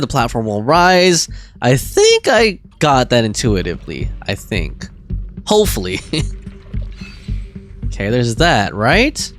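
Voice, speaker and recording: A streamer giving casual, joking commentary while playing a game and chatting to viewers. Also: mid-range voice. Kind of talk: casual let's-play commentary.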